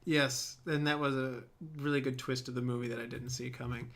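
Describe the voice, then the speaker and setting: A man's voice: mid-range voice, flat delivery, a little fast, fairly bright tone. A man co-hosting a movie podcast, chatting casually with enthusiastic, rambling talk. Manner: enthusiastic, rambling with many "like" fillers. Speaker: podcast co-host.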